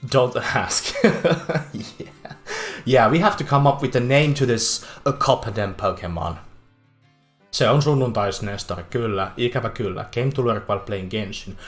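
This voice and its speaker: A game streamer with a Finnish accent, casually chatting with viewers, excitable and laughing often. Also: medium pitch, moderate pace, soft background music. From Finland. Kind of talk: casual livestream game commentary.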